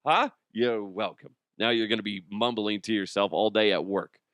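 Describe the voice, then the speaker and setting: A man hosts a comedy podcast in a loose, rambling monologue, cracking jokes as he goes. His voice is smooth and clear, recorded close and dry with no room sound. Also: fairly low pitch, moderate pace, a bit bright, dry recording. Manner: rambling, jokey, slips into impressions. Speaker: podcast host.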